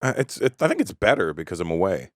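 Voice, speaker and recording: A man guesting on a talk show, chatting casually and telling profane, animated anecdotes. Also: sits low, fast, dry recording, clean studio sound. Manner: profane, storytelling, lively delivery. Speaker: comedian guest. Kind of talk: casual podcast chat.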